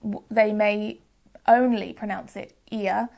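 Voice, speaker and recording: A young woman from the UK hosting a phonics lesson, explaining patiently and sounding out examples slowly and clearly. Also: on the high side. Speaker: phonics teacher and channel host. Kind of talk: educational video lesson.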